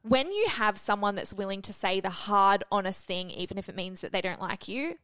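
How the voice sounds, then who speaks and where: A woman's voice: mid-range voice, animated, a little fast, fairly bright tone, no echo. A young adult woman hosting a podcast in casual chat, candid and swearing freely. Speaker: podcast host.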